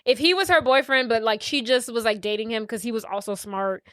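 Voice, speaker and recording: A young woman with a fairly high voice chats casually on a podcast. She retells a movie scene by scene and voices each character's lines as she goes. The recording is dry and close. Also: fairly quick, no room sound. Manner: animated storyteller acting out characters' lines. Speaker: podcast co-host.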